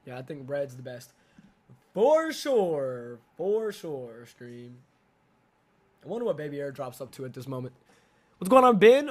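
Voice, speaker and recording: Young male game streamer, high-pitched, hyped, slangy, greets chat constantly. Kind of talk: live gameplay commentary.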